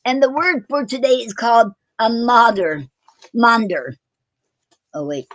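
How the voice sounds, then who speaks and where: A woman hosting a casual online poetry show, talking haltingly with many fillers and self-corrections. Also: a little high, a bit bright, poor audio. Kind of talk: casual live-stream chat.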